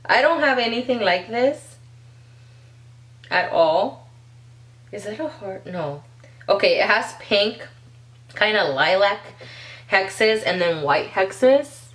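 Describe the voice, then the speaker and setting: A woman vlogger chatting casually as she unboxes nail polish, gushing and excitable, talking straight to her viewers. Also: medium pitch, slow, long pauses, rough recording.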